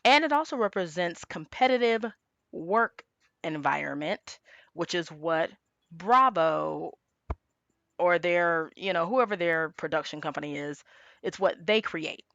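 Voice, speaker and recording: A woman's voice: on the low side, expressive, a little slow, vocal fry, a bit bright, no echo, highs cut off. A woman giving a casual tarot reading, talking chattily and with emphasis, sometimes acting out quoted lines. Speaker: tarot reader.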